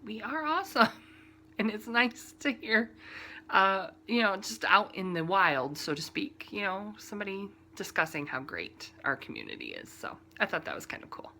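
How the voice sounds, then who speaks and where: A woman hosting her own podcast, chatting casually and rambling about books, TV shows and crafting, with lots of fillers and soft asides. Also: mid-range voice, sing-song, normal speed, a little hiss or hum. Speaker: podcast host.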